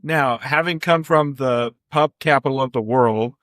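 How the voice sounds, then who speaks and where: A man's voice: medium pitch, a little slow, a bit bright, dry recording, studio quality. Easygoing co-host man from Utah. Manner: easygoing, short interjections, asks questions. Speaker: podcast co-host. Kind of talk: casual podcast chat.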